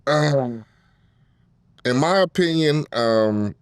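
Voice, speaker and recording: A middle-aged man from Compton in a casual interview, talking slowly with drawn-out ums between his thoughts. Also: medium pitch, animated, smooth, no room sound. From Compton, California. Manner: unhurried, fills pauses with drawn-out ums. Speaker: guest rapper.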